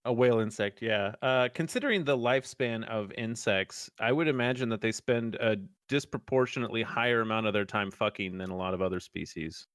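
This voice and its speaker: A man co-hosting a casual podcast, trading dry deadpan jokes. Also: fairly low pitch, brisk, few pauses, smooth, no echo. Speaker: podcast co-host.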